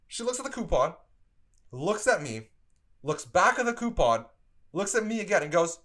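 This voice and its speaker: A young man with a bright, fairly high voice tells a story from his old fast-food job. His pitch swings widely as he lays out his exasperation, and he fills his sentences with "like". He speaks casually, as if talking to viewers on a stream. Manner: animated, exasperated storytelling with frequent "like". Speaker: streamer telling work stories.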